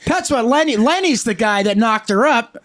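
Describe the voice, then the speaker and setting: A man's voice: very high voice, moderate pace. A man co-hosting a casual podcast, rambling and profane, telling stories and acting out quotes. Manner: profane, rambling, animated storytelling with acted-out quotes. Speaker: podcast co-host. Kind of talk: crude casual chat.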